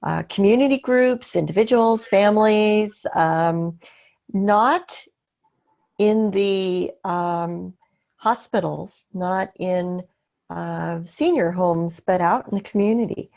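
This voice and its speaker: A woman's voice: medium pitch, takes it slowly, gravelly, darkish tone. Woman, webinar participant, hesitant, thoughtful, lots of fillers, dull lo-fi audio. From Portland, Oregon. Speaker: webinar participant asking a question. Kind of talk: casual webinar question.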